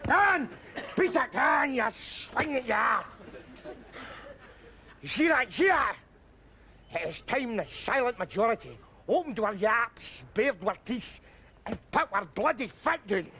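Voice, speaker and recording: A man's voice: extremely high pitch, very animated, unhurried, pauses often, pushed and bright, heavily acted. A middle-aged man with a broad Glaswegian accent, playing a brash, combative street philosopher who rants in mock-grand speeches in a TV sitcom. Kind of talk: sitcom acting. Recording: TV sitcom audio with background noise.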